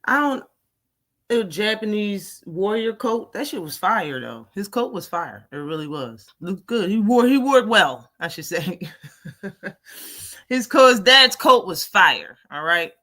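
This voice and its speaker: Animated woman hosting a boxing stream. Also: medium pitch, measured pace. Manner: blunt, animated, laughs often, reads out chat. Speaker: boxing talk show host. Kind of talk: live-stream casual commentary.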